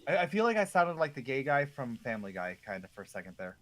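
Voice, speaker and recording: A medium-pitched man with a fairly bright tone and a fast, sing-song delivery chats with a buddy over an online game. As a co-op gamer, he spins rambling tales stuffed with fillers.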